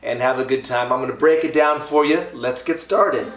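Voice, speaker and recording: Upbeat hypnotist, echoey room. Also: male voice, medium pitch, normal speed. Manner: upbeat, laughs often, explains as he goes. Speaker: hypnotist host. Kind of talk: casual reaction commentary. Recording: echoey room with music underneath.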